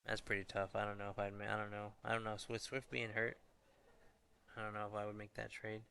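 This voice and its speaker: Low, gravelly man talking hushed. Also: completely flat delivery, brisk. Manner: low, half-whispered talk, chatting with viewers. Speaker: fantasy football streamer. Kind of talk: casual live-stream chat. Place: indoor hallway.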